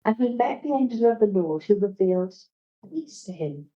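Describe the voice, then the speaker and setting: A woman preaching a sermon, earnest and reflective, who drops low and soft when she quotes the words of Jesus. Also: animated, normal speed, reverberant, highs cut off. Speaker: guest preacher. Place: church.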